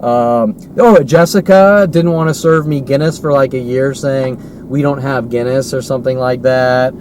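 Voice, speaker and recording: A man's voice: medium pitch, a little slow, a little mellow, slight background noise, rough recording. A man delivering an agitated, profane, repetitive solo monologue from inside a car. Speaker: vlogger.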